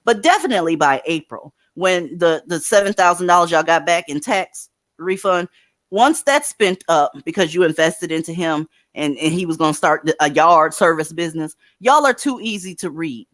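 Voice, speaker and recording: A woman's voice: lowish voice, lively intonation, normal speed, a bit bright, dry recording, clean studio sound. A woman hosting a livestream, giving blunt, profane commentary and advice to her callers. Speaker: livestream host.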